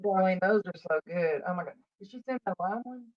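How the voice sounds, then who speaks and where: A woman's voice: medium pitch, brisk, muffled recording. A young woman chatting on a livestream with her mother in a bubbly, talkative way. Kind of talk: casual livestream chat.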